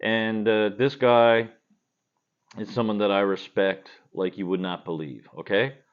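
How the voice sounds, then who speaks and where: Low-voiced blunt man on a lo-fi recording. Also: fairly even intonation, measured pace, clean tone. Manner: blunt and profane, talks in a loose rambling way. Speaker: cover band guitarist. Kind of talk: casual vlog answering viewer questions. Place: at home, indoors.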